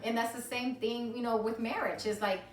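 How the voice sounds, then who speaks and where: A woman's voice: on the high side, fairly even intonation, a little fast. A woman co-hosting a faith-based marriage chat, speaking emphatically and acting out her own inner thoughts. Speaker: co-host of a marriage ministry show. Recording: roomy sound, mic at a distance, soft music.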